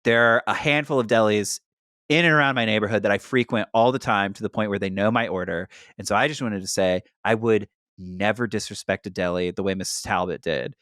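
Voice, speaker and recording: A man co-hosting a podcast, chatting casually about a movie, animated and swearing, laughing often and acting out quotes. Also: lowish voice, a little fast, no echo, clean studio sound. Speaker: podcast co-host. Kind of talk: casual movie review chat.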